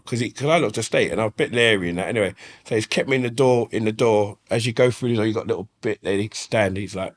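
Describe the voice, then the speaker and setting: A man's voice: lowish voice, fast talker, few pauses. Chatty man spinning a yarn. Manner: swearing, chatty, repeats "do you know what I mean". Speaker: interview guest. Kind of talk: casual storytelling. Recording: slightly faulty audio.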